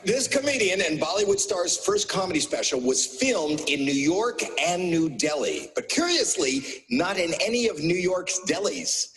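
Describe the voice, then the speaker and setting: High-voiced male announcer, noisy clip. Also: very animated, moderate pace, hardly any pauses, fairly bright tone. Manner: announcer-style with a light joke. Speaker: announcer introducing a comedian. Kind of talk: scripted introduction.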